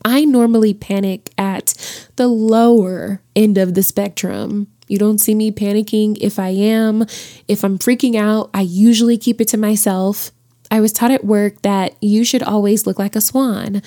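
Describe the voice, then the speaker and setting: A woman podcast host telling a personal story in a lively, chatty way, talking straight to her listeners. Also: a little high.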